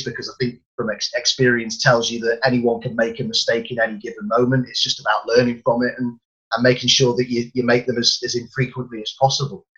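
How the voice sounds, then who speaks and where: A man's voice: medium pitch, fairly bright tone, dull audio. A man who works as a football commentator, talking earnestly about his job and often repeating words as he starts a sentence. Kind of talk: casual chat.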